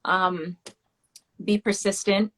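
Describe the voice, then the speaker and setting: A woman of West Indian heritage talking candidly as an interview guest, telling animated stories about her work and childhood. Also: mid-range voice, takes it slowly. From West Indian family. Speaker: guest, children's book author. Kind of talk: casual interview talk.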